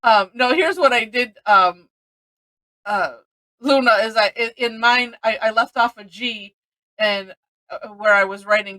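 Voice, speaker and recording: A woman's voice: on the high side, measured pace, bright, forceful tone, low-quality recording. A woman from Missouri teaching a live-streamed drawing lesson, chatty and rambling, often laughing between steps.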